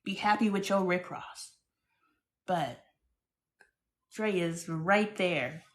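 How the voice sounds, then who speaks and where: Frank, animated woman hosting a live stream. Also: on the low side, slow. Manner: frank, animated, swings between loud and hushed. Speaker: host. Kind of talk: casual live-stream monologue.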